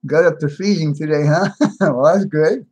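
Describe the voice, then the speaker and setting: A man's voice: a little high, normal speed, darkish tone, slightly rough, highs cut off. Chatty man greeting his viewers. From United States. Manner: chatty, laughs often, greets each viewer by name. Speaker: live stream host. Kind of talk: casual live chat greeting viewers.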